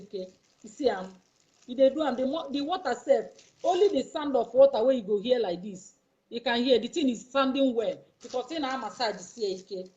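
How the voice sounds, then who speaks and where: A Nigerian woman with a fairly high yet mellow voice walks her viewers through a demonstration, repeating herself and coaxing them along. The recording sounds dull and lo-fi. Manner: repetitive, coaxing, keeps checking the viewer follows. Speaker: YouTuber. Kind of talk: casual instructional demonstration.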